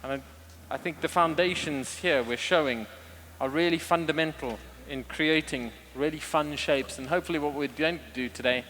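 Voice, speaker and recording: A man's voice: fairly high pitch, normal speed, hardly any pauses, a bit bright, a little hiss or hum. A man who is a lead hairstylist speaks on stage about his creative ideas and classic techniques, reflective and earnest, often restarting his sentences. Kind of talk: stage talk on a creative concept. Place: large event hall on stage. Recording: live hall with long reverb.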